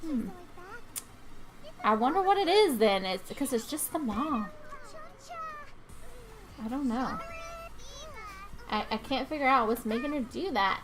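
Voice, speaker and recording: A woman's voice: a little high, lively intonation, unhurried, long pauses. A woman from North Georgia with a Southern accent, chatting casually and giggling often while live-streaming a game. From North Georgia, USA.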